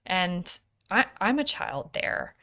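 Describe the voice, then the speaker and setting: A woman in her thirties hosting a personal podcast, speaking softly and thoughtfully, sometimes dropping to a whisper. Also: fairly low pitch, big pitch swings, slow pace. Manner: soft-spoken, introspective, slips into whispers. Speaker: podcast host. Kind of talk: personal reflective podcast monologue.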